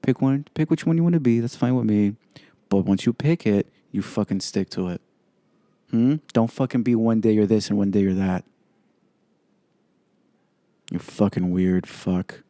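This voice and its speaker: A man's voice: lowish voice, moderate pace, pauses often, dark tone, dry recording. Blunt, profane man hosting a podcast. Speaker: podcast host. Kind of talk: casual solo podcast commentary.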